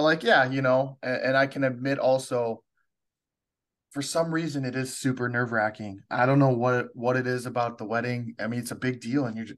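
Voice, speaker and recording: A man hosting a podcast, chatting casually, teasing and laughing easily. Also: mid-range voice. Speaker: podcast host. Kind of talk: casual chat.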